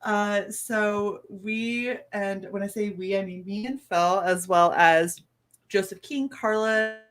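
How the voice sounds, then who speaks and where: Giggly, animated woman on a video call. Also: medium pitch, takes it slowly. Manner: animated, swears casually, laughs often. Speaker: streamer guest. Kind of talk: casual livestream chat.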